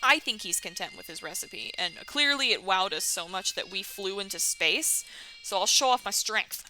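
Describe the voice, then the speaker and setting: A young woman commentating on a dating game she is playing, giggly, sarcastic and expressive. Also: medium pitch, normal speed, poor audio. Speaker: let's-play host. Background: faint music.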